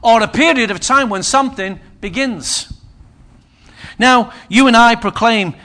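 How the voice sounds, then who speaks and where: A man's voice: very high-pitched, measured pace, pushed and bright. A man preaching a sermon, conversational and humorous with emphatic turns.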